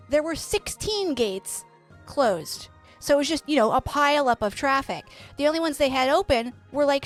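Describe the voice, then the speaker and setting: A high-pitched woman streamer tells a story in a casual, swearing, animated rant. She acts out the other people as she goes, over faint game music. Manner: profane, animated ranting with quoted exchanges. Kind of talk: casual storytelling while gaming.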